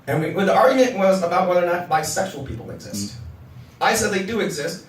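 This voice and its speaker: High-voiced comic shouting in an echoey club. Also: male voice, fast talker. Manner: animated, swearing, shouting punchlines. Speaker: stand-up comedian. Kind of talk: stand-up comedy set. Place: comedy club stage before a packed crowd. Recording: echoey club audio from far off. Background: audience laughter.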